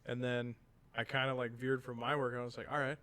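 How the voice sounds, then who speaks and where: A man's voice: mid-range voice, fast, clean tone. A man in his thirties, a podcast co-host, telling a casual story and acting out what people said. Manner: animated storyteller acting out quotes. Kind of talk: casual chat.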